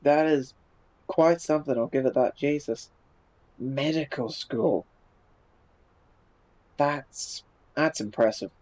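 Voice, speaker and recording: A man's voice: medium pitch, slow pace, long pauses, a little mellow, low-quality recording. A man streaming live, chatting casually and reacting to viewer messages in a laid-back way, swearing freely and restarting his sentences.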